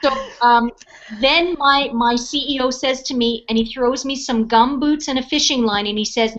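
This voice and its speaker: A middle-aged woman speaking on a webinar, telling a personal story in a casual, animated way and acting out the people in it. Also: high voice, normal speed, a little hiss or hum. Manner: animated storyteller, acts out quoted voices. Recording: dull lo-fi webinar audio.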